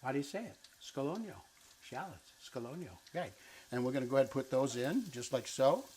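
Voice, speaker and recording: A man's voice: medium pitch, animated, quick pace, darkish tone, a little hiss or hum. A man hosting a cooking show, chatting playfully and teaching Italian words as he cooks in a kitchen. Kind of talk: casual cooking demonstration. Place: kitchen with island and stovetop.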